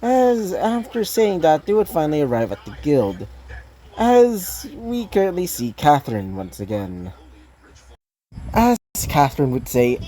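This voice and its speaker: A woman's voice: low voice, lively intonation, a little slow, dark tone. A woman casually reading her own fan-fiction story aloud, rambling with many fillers and laughing at her own slips.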